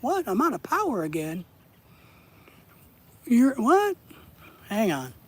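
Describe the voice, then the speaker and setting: Husky man chatting on a fishing stream. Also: extremely high pitch, huge pitch swings, takes it slowly. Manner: rambling, chatty, addresses viewers in chat. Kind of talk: casual live-stream chat. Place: outdoors, fishing.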